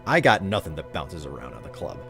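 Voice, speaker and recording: A man's voice: very deep voice, big pitch swings, brisk, creaky, fairly bright tone, soft background music, voice pushed down, full character voice. A British man putting on a tough-talking Boston working man, with a broad, stereotypical accent. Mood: swaggering. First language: British English speaker faking the accent. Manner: exaggerated stereotypical accent put-on.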